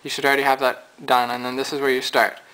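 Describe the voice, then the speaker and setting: A man teaching a casual piano lesson, talking in a relaxed, low-energy way as he thinks aloud while losing his voice. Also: fast, poor audio. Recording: piano playing behind.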